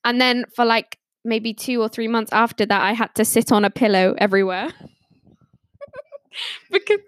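Young woman chatting on a podcast, giggly, kinda high voice, dry sound. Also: moderate pace, no room sound. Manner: giggly, laughs often while telling stories. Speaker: podcast panelist. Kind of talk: casual storytelling.

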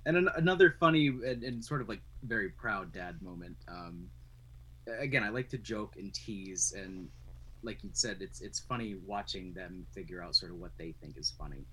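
A man from Vermont, a father, talking in a soft-spoken, halting way with many fillers in a casual chat. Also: low-pitched, expressive, slight background noise. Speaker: podcast guest, father.

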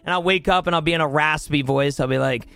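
A young man hosts a laid-back talk with a guest, his voice a touch high for a man. He is recorded dry and close, and he agrees readily and wanders into long tangents. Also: fast talker, gravelly, fairly bright tone, clean tone, dry recording, soft background music. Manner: upbeat, agreeable, rambling. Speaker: podcast host. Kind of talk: casual chat.

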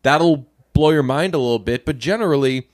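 A man's voice: fairly high pitch, brisk, no room sound, clean studio sound. A man co-hosting a podcast in casual chat, jokey and given to acting out mocking voices. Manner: jokey, acts out mocking voices in animated bursts. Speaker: podcast co-host.

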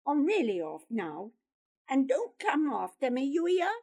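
A woman's voice: high-pitched, very animated, slow, mellow, slightly rough, full character voice. A woman voicing an angry, distrustful boy who sneers and accuses. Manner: scornful, sneering.

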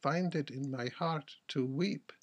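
A man with a husky voice reading the part of a young earl's daughter, pressing with impatient questions. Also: on the high side, slow pace, dull audio. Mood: insistent.

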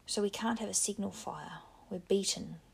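A woman voicing Ralph, a frustrated, anxious boy chief with a bitter, strained way of speaking in a gravelly, breathy voice. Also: mid-range voice, unhurried, a little mellow, heavily acted.

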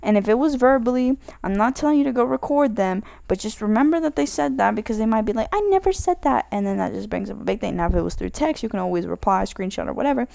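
A woman's voice: medium pitch, quick pace, gravelly, few pauses, warm tone, no room sound. A woman giving casual spoken advice in a rambling way, correcting herself often and filling her talk with "like". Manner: rambling, self-correcting, many "like" fillers.

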